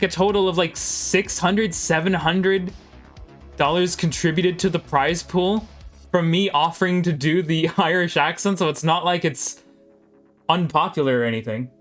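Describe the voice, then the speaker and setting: Calling each move fast, a man delivers live play-by-play for a video game match and chats with viewers between plays. His voice is high and a bit bright.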